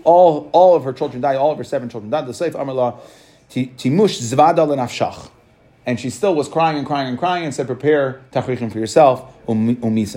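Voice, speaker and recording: A man's voice: medium pitch, darkish tone. A man teaching a Talmud lesson, reading passages aloud and then explaining them in casual speech, with frequent restarts and fillers.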